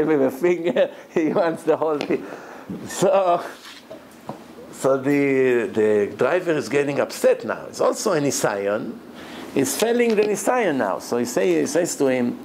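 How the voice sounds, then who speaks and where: Male rabbi, storytelling sermon, gravelly, dark mellow voice, faint background noise. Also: mid-range voice, measured pace. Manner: animated storyteller who acts out voices, chuckling.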